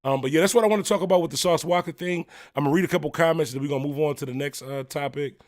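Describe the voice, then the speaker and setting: On the high side and rapid-fire, this man's voice comes through studio-quality with no room sound. Hosting a music talk livestream from Buffalo, New York, he chats and rambles with plenty of fillers and shout-outs while reacting to viewer comments.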